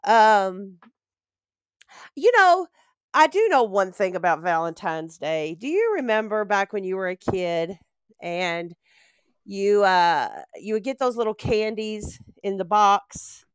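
A woman's voice: mid-range voice, lively intonation, slow, clean tone, no room sound, studio quality. An older woman co-hosting a live online talk show, chatting in a gossipy way and often laughing. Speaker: co-host. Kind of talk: casual live-stream chat.

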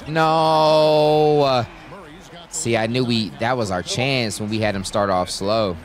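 A young man giving live commentary on his own basketball video game, talking to his teammates and shouting at big plays. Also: lowish voice, moderate pace. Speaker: gaming YouTuber.

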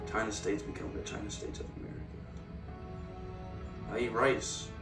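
A young man being interviewed, answering in a loud, incredulous way with quick retorts. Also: fairly low pitch, steady tone. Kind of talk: bewildered interview banter. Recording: roomy clip audio from a distance, music.

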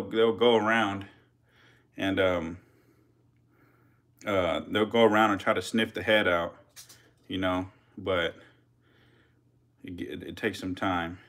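A man giving casual live-stream commentary as a reptile keeper, chatty with viewers, swearing and getting excited. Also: fairly low pitch, a little slow, long pauses.

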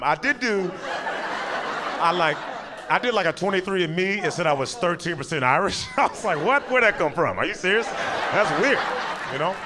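A man in his thirties doing high-energy stand-up comedy on stage, animated and jumping into voices. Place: comedy stage before a live audience. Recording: live show with audience noise.

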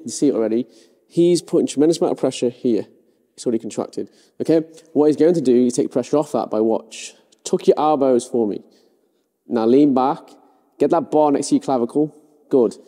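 A man's voice: medium pitch, brisk, warm tone. Man coaching lifts in an echoey gym. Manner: instructive, cue-giving.

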